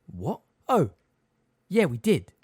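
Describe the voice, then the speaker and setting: A man voicing a huge, gruff half-giant gamekeeper in an audiobook reading, blunt and homely in his speech. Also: on the high side, huge pitch swings, slow, darkish tone, no room sound, studio quality, voice pushed up, full character voice. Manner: blunt, plain-spoken, homely.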